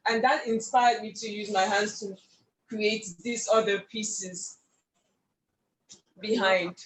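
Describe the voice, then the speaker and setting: A woman, a painter guest telling her story in an animated, expressive way. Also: medium pitch, slow, a little hiss or hum. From Nigeria. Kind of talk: casual storytelling interview. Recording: echoey room with faint ambience.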